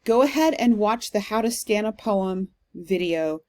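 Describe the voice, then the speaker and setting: Woman, literature instructor, recorded lecture, mid-pitched, patient and explanatory. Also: unhurried. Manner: explanatory, steady, with frequent ums.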